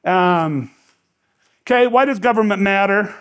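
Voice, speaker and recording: A man's voice: high voice, a little slow, fairly bright tone, smooth. A man giving a casual seminar talk as an economic development director, joking and storytelling with many restarts and fillers. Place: lecture room.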